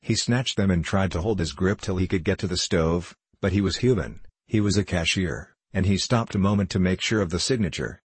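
A man narrating an audiobook in a steady, measured reading style. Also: deep voice, slightly rough, dry recording.

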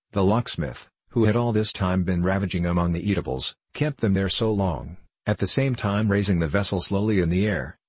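A man narrating a classic novel as an audiobook reader, measured and wry. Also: deep voice, slightly rough, no room sound. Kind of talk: scripted narration.

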